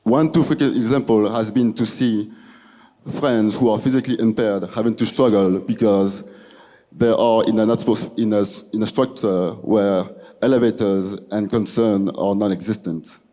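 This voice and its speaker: A young man from Belgium with a French accent, a student giving a halting presentation speech in a large hall. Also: on the low side, fairly even intonation, warm tone. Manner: halting, restarting phrases. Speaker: student speaker. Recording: long hall reverb.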